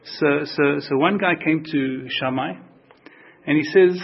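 A man teaching a Torah class, telling stories in an animated way, repeating phrases and acting out the quotes. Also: a little high, a little slow, breathy edge, highs cut off.

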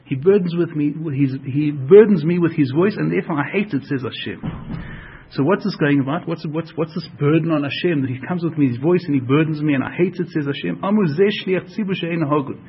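A man's voice: on the high side, quick pace, slight background noise. A man teaching a religious lesson, earnest, repeating and rephrasing each point as he explains it. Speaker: Torah teacher. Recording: dull lo-fi recording.

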